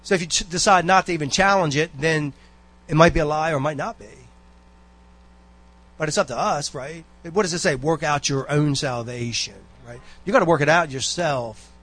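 A man, speaking casually to a church congregation. He rambles in a folksy way, breaking off into asides and stories. The delivery is a relaxed, unscripted church exhortation. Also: on the high side, normal speed. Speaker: church member giving a talk.

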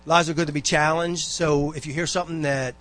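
A man's voice: fairly high pitch, fairly even intonation, fairly quick, fairly bright tone. A man giving a rambling, folksy exhortation to a church congregation, full of asides and personal stories. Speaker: church member giving a talk.

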